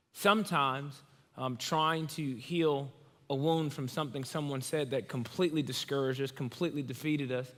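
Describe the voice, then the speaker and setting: Young male pastor, high bright voice, lively storyteller, church hall reverb. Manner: animated storytelling, acts out quoted voices. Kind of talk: sermon. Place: church auditorium.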